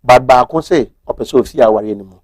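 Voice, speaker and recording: A man's voice: medium pitch, quick pace, no room sound. A man with a Ghanaian accent explaining marriage law on a talk show, methodical and switching between Twi and English.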